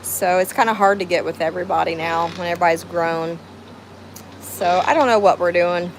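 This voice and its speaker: Her lowish, fairly even voice moves fairly quickly as this middle-aged, Southern-accented woman hosts a casual outdoor livestream from home. She rambles emotionally and names viewers as she greets them. The recording is rough, with a little hiss or hum.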